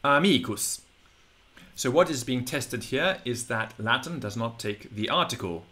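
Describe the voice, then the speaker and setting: A man who speaks English natively, teaching in a patient, digressive style and slowly drawing out example words. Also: mid-range voice, lively intonation, sharp tone. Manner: patient, digressive explaining with slow drawn-out model words. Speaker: Latin teacher. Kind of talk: explanatory audio lesson.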